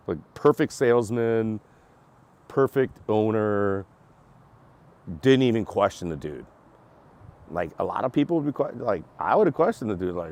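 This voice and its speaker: A man's voice: low-pitched, normal speed, a little mellow, a little hiss or hum. A man reviewing cigars and beer, telling a rambling story in casual talk and acting out quotes with laughs.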